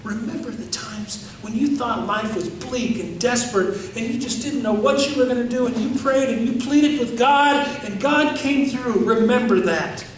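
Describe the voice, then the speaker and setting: A male pastor delivers an emphatic sermon, pressing the congregation with repeated questions and phrases. His voice sits high for a man. It comes from a distance in a church hall, with strong echo and a faint room hum underneath. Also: normal speed, few pauses. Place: church sanctuary. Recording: echoey church hall from far off.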